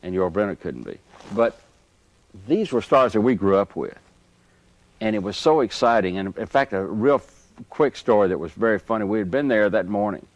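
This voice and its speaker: A man being interviewed, telling lively anecdotes and chuckling as he goes. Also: on the low side, dry recording. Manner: animated anecdote teller, chuckles through stories. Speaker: interview guest. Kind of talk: storytelling reminiscence.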